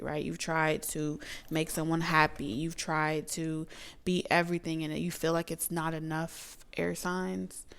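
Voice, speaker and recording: A young woman chats through a tarot reading in a low, gravelly voice. Her tone is smooth and clear. She turns emotive and drops into soft asides. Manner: chatty and emotive, drawls and slips into soft asides. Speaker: tarot reader and psychic medium.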